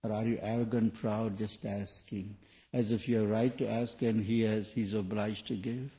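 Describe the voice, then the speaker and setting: Preserved on a dull lo-fi 1980s tape, a spiritual teacher addresses an audience in a sermon, asking rhetorical questions with loose, non-native phrasing. His fairly low, mellow voice keeps a level tone at a normal speed.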